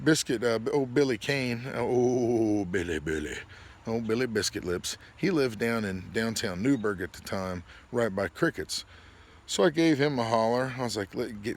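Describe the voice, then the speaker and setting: A man, hosting and telling a funny story in a casual way, acting out his friends' lines in a raised, excited voice and laughing often. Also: mid-range voice, a little hiss or hum. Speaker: podcast host.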